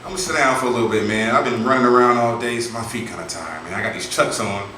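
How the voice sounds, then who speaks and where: A man's voice: medium pitch, fast talker, bright, forceful tone. A man performing a stand-up comedy set with loose, profane, conversational storytelling at a live venue. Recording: echoey room, distant mic, audience noise.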